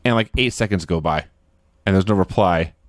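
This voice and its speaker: A deep-voiced man co-hosts a casual podcast chat at a moderate pace, with clean studio sound and no echo. He tells stories amid frequent laughter, acting out quotes as he goes.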